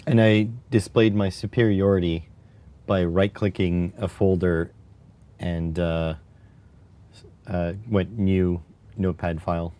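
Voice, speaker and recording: A man streaming live, chatting casually and musing aloud in a wry, unhurried way as he types. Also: sits low, little pitch movement, dark tone. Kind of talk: casual live-stream chat while typing.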